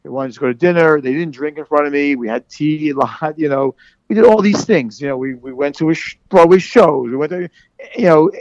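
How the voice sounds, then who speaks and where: A middle-aged man calling in as a guest, chatting casually in a halting way with lots of repeated words. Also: mid-range voice, a little mellow, dry recording, dull audio. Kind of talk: casual chat.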